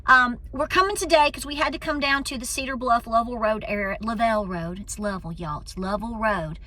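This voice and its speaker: Southern woman host, East Tennessee accent, bright and a bit high, folksy chatter into a handheld phone. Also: brisk. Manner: folksy and chatty, calls people honey. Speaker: homestead channel host. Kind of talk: casual vlog chat. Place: inside a car, then a busy store. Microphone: handheld phone at arm's length.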